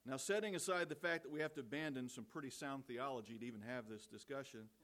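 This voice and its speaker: A man delivers a funeral eulogy as the pastor, speaking at an everyday pitch. He talks in a conversational, storytelling way with gentle humor, and he circles back to key phrases for emphasis. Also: fast.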